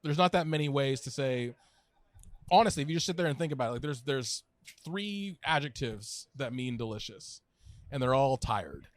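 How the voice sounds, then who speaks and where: A man's voice: medium pitch, expressive, no echo. Rambling man, dry close sound. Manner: rambling with many restarts and fillers, quick laughs. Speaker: podcast guest, food writer and editor. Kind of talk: casual conversational chat.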